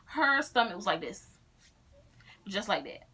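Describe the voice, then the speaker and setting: A young woman chats in a casual vlog, breaking in with quick side comments. Her voice is bright and clear, close to the mic. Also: medium pitch, sing-song. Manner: chatty, jumps in with side comments. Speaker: vlog co-host. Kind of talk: casual chat.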